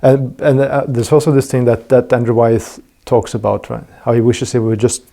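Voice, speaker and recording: A man's voice: medium pitch, little pitch movement, moderate pace, gravelly, mellow. A man hosting a podcast interview, talking casually and thinking aloud with frequent restarts and fillers. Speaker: podcast host.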